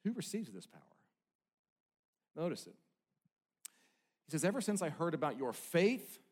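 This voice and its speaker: A middle-aged male pastor preaching, telling a personal story, then swinging between loud, excited passages and hushed, quiet ones. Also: a little high. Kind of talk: sermon.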